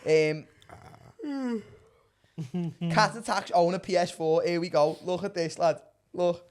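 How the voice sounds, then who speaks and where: A man, co-hosting a podcast in casual chat, telling animated stories, laughing often and swearing freely. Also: a little high, takes it slowly. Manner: animated, laughing storyteller who swears a lot. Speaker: podcast co-host.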